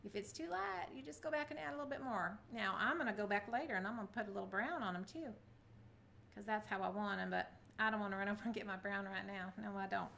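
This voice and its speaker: A middle-aged woman, a craft vlogger, chats to her viewers through a casual craft tutorial and cheers herself on as she works. Her medium-pitched voice is quick, creaky, pushed and bright, with a little hiss or hum in the background.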